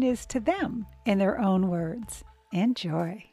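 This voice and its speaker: A woman vlogger speaks slowly to camera in a mellow, medium-pitched voice, with faint music behind her. She talks earnestly and emotionally to her viewers about compassion, growing teary as she goes.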